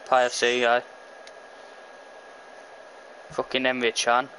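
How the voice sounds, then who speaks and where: A man's voice: mid-range voice, monotone, takes it slowly, bright, forceful tone, a little hiss or hum, poor audio. A man with a Liverpool accent chatting casually while gaming, swearing bluntly through his banter.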